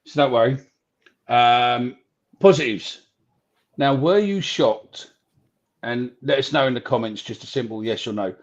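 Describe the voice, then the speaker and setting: A man's voice: medium pitch, steady tone, normal speed, lo-fi sound. A man co-hosting a casual fan podcast, reading out notes, joking and swearing as he muddles up names.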